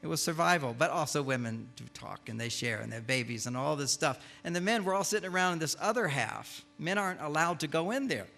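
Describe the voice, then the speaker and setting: Animated older man, gravelly bright voice. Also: on the high side, fast, hardly any pauses, faint music behind. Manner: animated storyteller, acts out quoted lines with laughs. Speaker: speaker giving a talk. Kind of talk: humorous lecture to a live audience.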